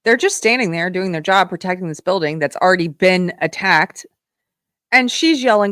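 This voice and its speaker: A woman from South Carolina hosting a live political commentary show, talking in a sarcastic, emphatic way and quick to scoff. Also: lowish voice, expressive, fairly bright tone, no echo, studio quality. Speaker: show host.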